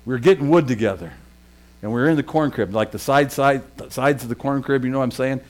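A middle-aged male pastor preaches at a fast clip with a medium-pitched voice, telling a lively personal story that breaks into shouting and laughter at its high points.

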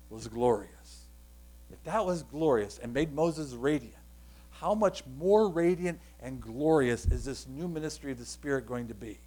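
A man's voice: medium pitch, poor audio. A man preaching a sermon, leaning hard on key words and stretching them out. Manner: emphatic, stretches key words, drops to quiet prayer. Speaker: pastor.

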